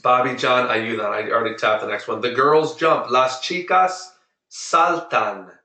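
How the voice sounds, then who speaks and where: A man teaching Spanish to a small group over a video call, patiently drilling and repeating words slowly. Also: medium pitch, bright, forceful tone, echoey room, distant mic, low-quality recording. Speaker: Spanish tutor. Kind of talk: online group lesson.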